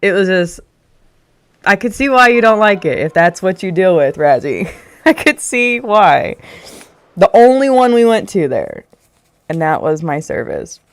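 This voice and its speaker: A young woman streamer chatting casually with her live audience. Her voice sits a little low, and she rants her way through a story with frequent laughs. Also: big pitch swings, moderate pace. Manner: ranting storyteller, laughs often.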